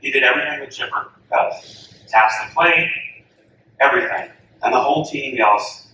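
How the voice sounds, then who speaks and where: Animated man telling a story in a big hall. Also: medium pitch, normal speed. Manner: animated storyteller, acting out quoted voices. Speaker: softball coach giving a talk. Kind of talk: storytelling speech to an audience. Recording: echoey hall from far off, faint room noise.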